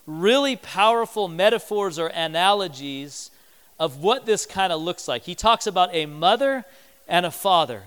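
A pastor preaches a sermon in a church, his voice high, smooth and a bit bright, with lively intonation at a moderate pace. He addresses the congregation conversationally, slipping into brief acted-out quotes. A long hall reverb surrounds the sound.

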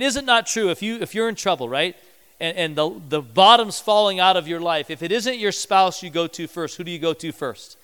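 A man delivers a sermon in a church, his voice high and smooth. He talks to the congregation conversationally and slips into short acted-out quotes. The sound carries a long hall reverb. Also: a bit bright. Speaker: pastor.

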